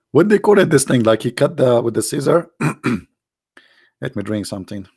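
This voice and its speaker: A man's voice: medium pitch, gravelly, darkish tone, breathy edge, no echo, studio quality. A man with an Arabic-accented English hosting a livestream, talking in a sarcastic, mocking casual commentary. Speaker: livestream host.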